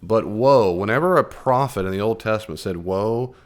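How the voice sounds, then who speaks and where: An American man leads a Bible study in a relaxed, conversational style, his fairly low voice carrying lively intonation at a moderate pace. He often poses questions to the group and acts out the scripture passages he quotes.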